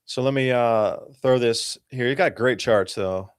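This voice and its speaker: A man hosts a live podcast show and walks his listeners through forecast charts. His voice sits at an ordinary middle pitch, and his delivery is urgent and emphatic. He rambles loosely and often restarts his sentences. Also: a little slow, clean tone. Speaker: podcast host. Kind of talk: live-show commentary over weather charts.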